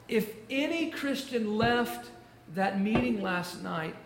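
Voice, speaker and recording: A man preaching a sermon, stressing key phrases by repeating them slowly. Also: high voice, lively intonation. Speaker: pastor. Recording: echoey room with faint noise.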